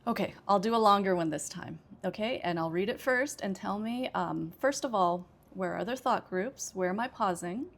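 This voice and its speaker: A woman's voice: lowish voice, vocal fry. An American woman teaching English pronunciation, explaining sentence stress step by step and repeating example sentences with careful emphasis.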